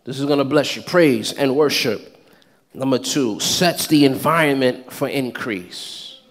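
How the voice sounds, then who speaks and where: A man preaching a sermon in his church, calling out to the congregation and building to shouts. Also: medium pitch, unhurried. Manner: preaching with rising shouts and call-and-response. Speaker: pastor.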